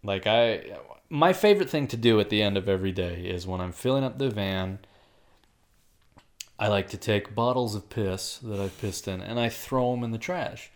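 A man's voice: lowish voice, normal speed. A young man in casual podcast chat, telling profane, crude stories and laughing at his own jokes.

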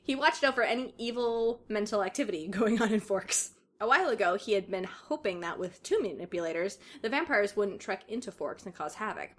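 A woman's voice: mid-range voice, lively intonation, fairly quick, hardly any pauses. A woman reads a story aloud on a laid-back comedy podcast. Her delivery is dramatic, and she often breaks into laughter. Between passages she chats casually. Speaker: podcast co-host reading fan fiction aloud. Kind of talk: casual comedic reading and chat.

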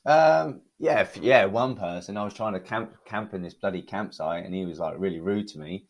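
A British man, a podcast guest, telling his stories in a relaxed, chatty way with plenty of fillers. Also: deep voice, normal speed. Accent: British English. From United Kingdom. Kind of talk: casual conversational storytelling.

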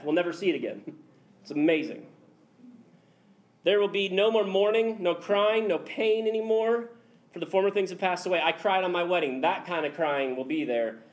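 High-voiced animated man preaching. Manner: animated, conversational preaching with quick jokes. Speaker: pastor. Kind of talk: sermon. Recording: echoey hall with faint ambience.

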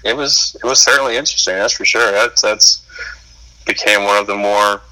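A man speaks in a casual chat, hesitating often and restarting his sentences. His voice sits low but has a very bright, forward edge. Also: fairly quick, low-quality recording. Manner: hesitant, lots of fillers and restarts. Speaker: guest.

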